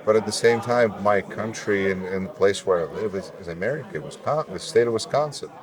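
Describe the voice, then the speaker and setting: A Russian-born man, a native Russian speaker, with a deep announcer-like voice, speaking earnestly and reflectively as an interview guest. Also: brisk, crowd noise. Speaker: guest, local elected official. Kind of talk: conversational interview.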